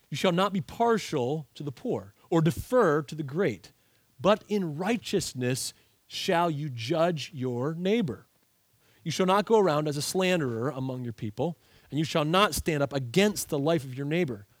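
A man preaching a sermon, reading scripture aloud and explaining it in an earnest, emphatic way with quick asides. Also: a little high, lively intonation, no room sound. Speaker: pastor.

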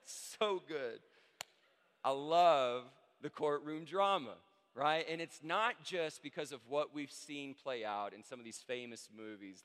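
Animated male preacher in a reverberant hall. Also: mid-range voice. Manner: animated storyteller, acts out quotes. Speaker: pastor. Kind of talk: sermon.

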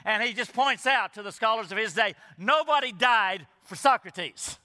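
A pastor preaches an expository sermon, earnest and emphatic, frequently putting rhetorical questions to the congregation. His voice is high and sharp-toned at a normal speed, with echoey hall reverb around it.

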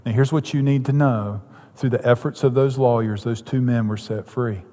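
A man's voice: medium pitch, fairly even intonation, moderate pace, warm tone. A man preaching a sermon as pastor, telling a story and then driving his points home with emphasis. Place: church sanctuary. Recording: long hall reverb.

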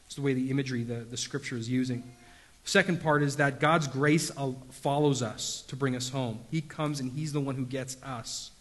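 Young pastor preaching in an echoey hall. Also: male voice, mid-range voice, fairly even intonation, normal speed. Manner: casual storytelling with self-deprecating humor, many fillers. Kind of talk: sermon. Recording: long hall reverb.

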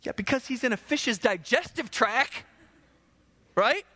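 Animated high-voiced male preacher. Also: measured pace. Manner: animated, conversational, frequent rhetorical questions. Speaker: pastor. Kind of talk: sermon. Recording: long hall reverb.

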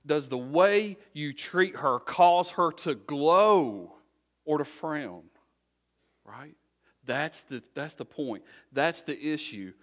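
A man's voice: mid-range voice, fairly bright tone. A middle-aged man preaching a sermon as a pastor, talking conversationally and repeating short exhortations.

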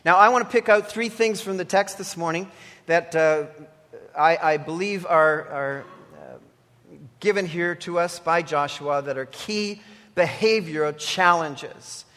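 A man's voice: high voice, a little slow, fairly bright tone, in a large hall. A man preaching a sermon as pastor, earnest and emphatic, pressing his listeners with repeated exhortations.

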